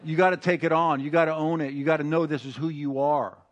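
A male pastor preaching a sermon, moving from quiet, conversational asides to rising, emphatic exhortation, with frequent restarts. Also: a little high, fairly even intonation, fast, dull audio.

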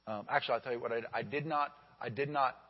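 A man preaching a sermon as pastor, telling stories in an animated way that swings from loud to hushed. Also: mid-range voice, quick pace, slightly rough. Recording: dull lo-fi audio with long hall reverb.

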